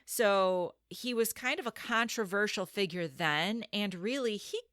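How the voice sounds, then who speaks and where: A woman co-hosting a casual podcast, explaining history and reading quotes aloud in a measured way. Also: medium pitch, a bit bright, no echo, studio quality. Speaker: podcast co-host.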